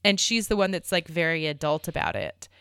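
Smooth-voiced woman podcast co-host. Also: sits low, fairly quick, a bit bright, no echo, studio quality. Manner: conversational, lots of "like". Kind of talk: casual chat about a TV episode.

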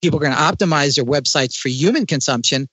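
Man, interview guest, slightly high pitch, animated explaining, dry close sound, dull audio. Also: quick pace, no room sound. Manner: animated, explanatory, with frequent restarts. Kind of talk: conversational interview.

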